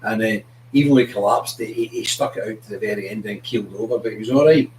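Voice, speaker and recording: A man's voice: lowish voice, fast, darkish tone, slight background noise. A man hosting a casual live-stream chat, rambling as he greets viewers and calls his dog. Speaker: host of an online political show. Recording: roomy, distant mic, faint ambience.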